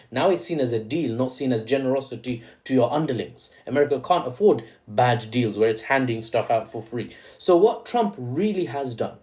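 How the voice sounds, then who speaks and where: A man with a mellow, mid-range voice hosts solo geopolitics commentary in a casual yet analytical way. He checks in with "right?" after his points and adds playful asides.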